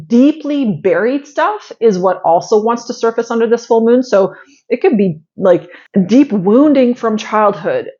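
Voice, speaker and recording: A woman in her thirties hosts a spiritual astrology channel, giving viewers a casual, heartfelt pep talk packed with "like" fillers and the occasional blunt swear. Her mid-range voice is a little mellow, and the sound is lo-fi.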